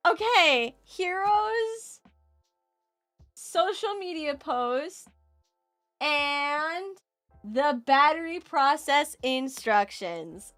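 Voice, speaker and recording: A woman streamer giving live game commentary, excitable, swinging from muttering to shouting and swearing freely. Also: sits high, drawn-out words, long pauses, soft background music.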